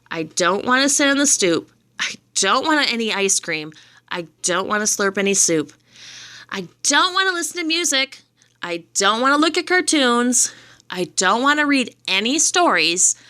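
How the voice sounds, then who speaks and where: A woman reading children's poems aloud, in a lively and expressive read-aloud manner. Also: mid-range voice. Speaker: reader.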